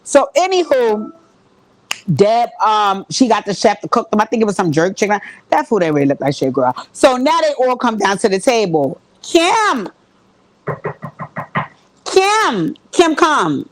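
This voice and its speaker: A woman recapping a reality show in casual, profane, animated chat, talking straight to her viewers. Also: medium pitch, normal speed, slight background noise.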